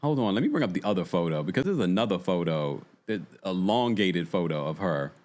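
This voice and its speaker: A man's voice: low-pitched, fairly quick. A man hosting a casual reality TV recap, exasperated and chatty, reacting to his viewers. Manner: exasperated, animated, chatty, talks to the chat. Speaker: podcast host.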